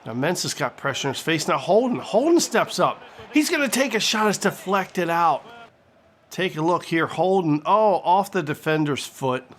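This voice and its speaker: A man doing comedic play-by-play commentary over his football video game, excitable and crude, shouting on big plays. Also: on the high side, normal speed. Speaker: gaming commentator.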